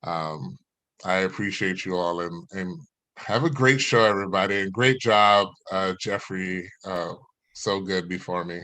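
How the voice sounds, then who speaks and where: A man's voice: deep voice, measured pace, sharp tone, no echo. A man doing stand-up comedy over a video call, rambling loosely through a family story and laughing at his own jokes.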